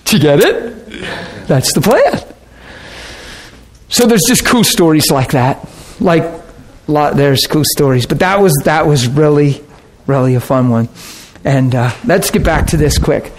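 A middle-aged man preaching a sermon, telling a story and acting out the people in it with big jumps in his voice. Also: a little slow. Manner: animated, acts out quotes with big pitch jumps.

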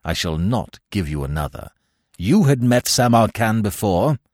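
A man puts on an impatient commissioner who snaps out questions harshly and emphatically, as in an audiobook. The voice is deep and animated, recorded dry and close. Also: moderate pace, no echo. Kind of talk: dramatic audiobook reading.

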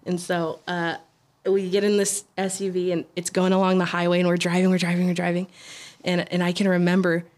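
Woman guest, slightly low voice, chatty animated storyteller. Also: fairly quick. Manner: animated, with frequent restarts and acted-out quotes. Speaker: interview guest. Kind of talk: casual storytelling.

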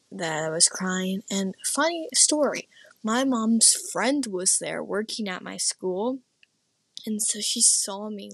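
A woman's voice: mid-range voice, breathy edge, no room sound. Teen girl, casual rambling storytelling, lots of fillers, whispered asides, dry close sound. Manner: chatty, rambling, full of "like", drops into whispered asides. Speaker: vlogger.

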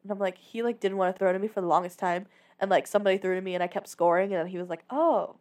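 A woman's voice: fairly low pitch, steady tone, racing, darkish tone, far from the mic. A young woman co-hosting a casual podcast chat, blunt and swearing freely. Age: young adult. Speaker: podcast co-host.

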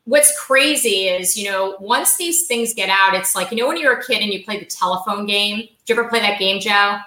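A woman's voice: medium pitch, fairly quick, sharp tone, echoey room, low-quality recording. A middle-aged woman giving emphatic interview answers as a podcast guest, often repeating her key phrases.

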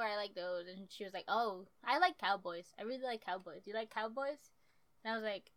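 A young woman casually telling a story from her childhood, animated and profane, laughing often. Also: medium pitch, brisk.

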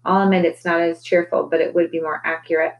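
A woman voicing a male circus manager who speaks quietly and with regret in a storybook reading. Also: fairly low pitch, little pitch movement, fast talker, dull audio, close to an everyday voice. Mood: regretful.

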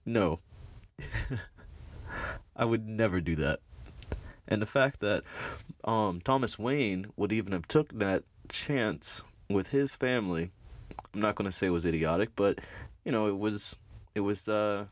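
A man's voice: on the low side, unhurried, no room sound. A man telling a comedic story in a casual, rambling monologue and laughing often.

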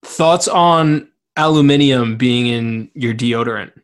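A young man trades jokes in a loose conversation, teasing his co-host. His voice sits at an ordinary middle pitch and sounds plain and natural. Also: slow, smooth. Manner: jokey, teasing. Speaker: podcast co-host. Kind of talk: casual chat.

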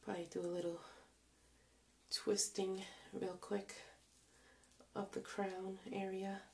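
A tired, out-of-breath young woman talking casually while doing her hair, slowly and softly, often dropping to a whisper. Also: medium pitch, little pitch movement, creaky. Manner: slow, soft, often trailing into whispers. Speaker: vlogger.

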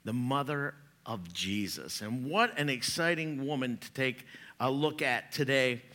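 A man's voice: mid-range voice, unhurried, pushed and bright. A middle-aged man preaching a sermon, chatty and joking, laughing at his own jokes before turning to scripture. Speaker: pastor.

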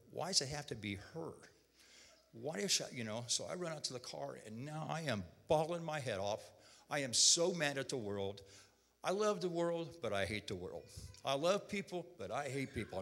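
A man's voice: mid-range voice, bright, forceful tone. A man telling his own story as a church testimony, emotional, repeating himself and acting out what others said to him. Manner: emotional, repeats words, quotes others in dialogue. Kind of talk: personal testimony. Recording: long hall reverb.

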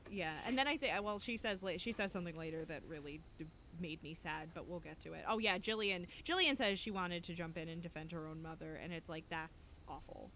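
A woman's voice: fairly low pitch, brisk, hardly any pauses, bright, forceful tone, a little hiss or hum. A woman co-hosting a podcast, talking in blunt, opinionated bursts of emphasis as she recaps a reality show. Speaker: podcast co-host.

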